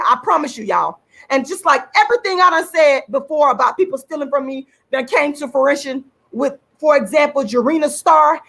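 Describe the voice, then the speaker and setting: Furious, high, gravelly woman ranting. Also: fairly bright tone. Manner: furious, profane, repeats points for emphasis. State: enraged. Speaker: channel host and activist. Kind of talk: angry livestream rant.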